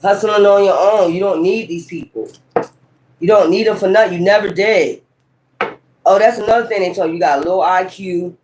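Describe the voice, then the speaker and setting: A woman's voice: mid-range voice, moderate pace, noisy background. A woman giving a casual tarot reading to camera, talking bluntly and heatedly, cussing often and breaking into sudden exclamations. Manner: rambling and emphatic, with sudden exclamations. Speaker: tarot reader.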